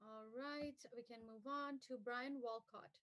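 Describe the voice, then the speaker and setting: Woman host, brisk call moderator, fillers, slightly higher voice. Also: fairly even intonation, fairly bright tone, rough recording. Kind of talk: casual live call moderation. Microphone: video call.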